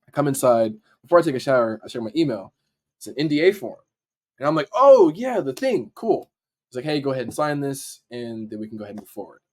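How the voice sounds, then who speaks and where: Talking at a quick pace in a medium-pitched voice, a young dancer and editor guesting on a podcast relates a story casually. He imitates the people involved and throws in some swearing.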